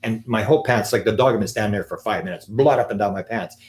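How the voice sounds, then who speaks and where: A man telling an anecdote in a live talk, animated and acting out the quotes. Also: fairly low pitch, quick pace, slight background noise. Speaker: lecturer on UFOs.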